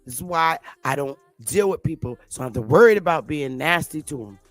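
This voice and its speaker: A woman's voice: sits low, expressive, a little fast, dry recording, soft background music. A woman ranting in an unscripted opinion monologue, blunt and defiant, swearing heavily and repeating her points for emphasis. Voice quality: defiant, combative delivery. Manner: blunt, heavy profanity, emphatic repetition. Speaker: commentary vlogger.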